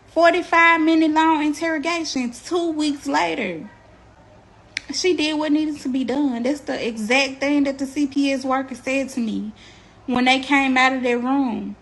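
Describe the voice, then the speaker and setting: A woman's voice: sits high, rough recording. A young woman, a mother, talking straight to her viewers in a casual, blunt and earnest way. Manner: earnest, blunt and colloquial, addresses viewers directly. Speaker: mother telling her family's story to viewers. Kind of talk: casual direct-to-camera testimony.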